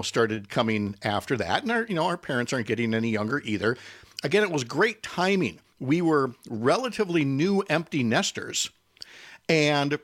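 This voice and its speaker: A man's voice: mid-range voice, a bit bright, no room sound, clean studio sound. An older man, a radio host and interview guest, chatting casually and telling stories with self-deprecating humor.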